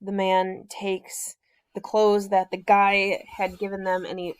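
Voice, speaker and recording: A woman hosts a book chat and retells the story of a novel in an easygoing, conversational way. Her speech is loose and unpolished, full of fillers and self-corrections as she walks through the plot. Her pitch sits in a typical middle range for a woman. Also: monotone, slow pace, clear, resonant tone. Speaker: book discussion host.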